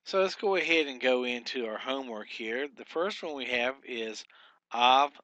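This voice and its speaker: A man walks students through a recorded grammar lesson, pausing often with fillers and sounding out each syllable slowly. His voice is bright, and the sound is dry and close. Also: medium pitch, expressive, no room sound, dull audio. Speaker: Hebrew teacher.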